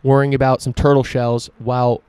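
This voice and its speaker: Male podcast host, solo rant, profane and emphatic, smooth dark voice, little melody. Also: medium pitch, little pitch movement, brisk, no echo. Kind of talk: solo opinion podcast monologue.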